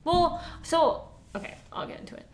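A woman's voice: extremely high pitch, lively intonation, normal speed, echoey room. A young woman co-hosting a book podcast, chatting casually and giggly, full of filler likes and sometimes dropping to a whisper. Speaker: podcast co-host.

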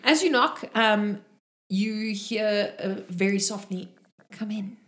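A woman's voice: medium pitch, animated, takes it slowly. A woman running a tabletop role-playing game, narrating casually with frequent fillers. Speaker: game master.

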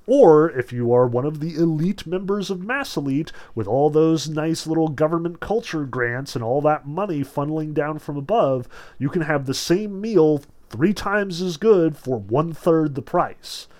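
A man's voice: on the high side, a little mellow. A man giving a casual literature lecture in a loose, chatty way, full of "like" and "um". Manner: loose, filler-heavy, lots of "like" and "um".

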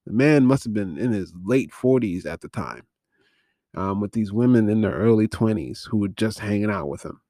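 A man's voice: lowish voice, expressive, normal speed, warm tone, no echo, studio quality. A man hosting a podcast, recapping a film in a rambling, incredulous way and often correcting himself. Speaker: podcast host. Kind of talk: casual film-recap commentary.

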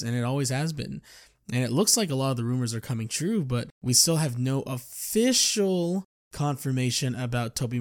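Man, podcast host, casual solo chat, rambling, self-correcting, medium pitch, dry close sound. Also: no echo.

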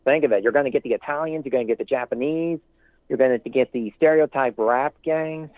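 A man's voice: mid-range voice, a little fast, dry recording. A male caller to a talk show giving rambling, emphatic opinions with many restarts. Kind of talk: casual call-in commentary. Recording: tinny phone line.

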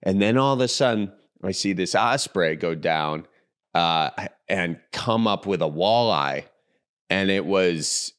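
Deep-voiced casual podcast host. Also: male voice, animated, measured pace, a bit bright, smooth. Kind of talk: casual chat.

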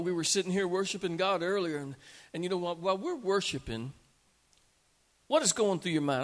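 Preacher guy, high voice, gets loud and fired up, long church echo. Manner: preaching, building to loud emphatic peaks. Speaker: pastor. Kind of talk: sermon. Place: church sanctuary. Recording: long reverb of a church hall.

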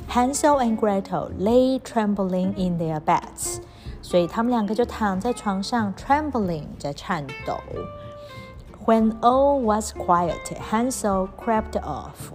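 Woman teacher spelling words slowly. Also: medium pitch, expressive, a little mellow, soft background music. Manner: reads English lines slowly, spells words letter by letter. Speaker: English teacher. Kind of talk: storybook reading lesson with explanations.

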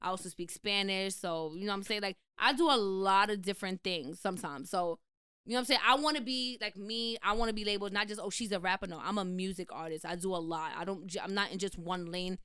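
Young woman from the west indies chatting slangy on a podcast, bright crisp voice, dry close mic. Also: medium pitch, quick pace, dry recording. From West Indian. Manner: casual slangy, animated storytelling. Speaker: musician guest. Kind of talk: casual interview.

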